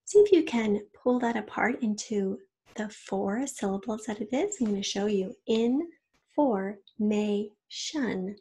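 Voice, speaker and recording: A woman teaching and dictating a children's spelling test, reading each word slowly in an example sentence and giving spelling hints. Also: medium pitch, mellow, husky.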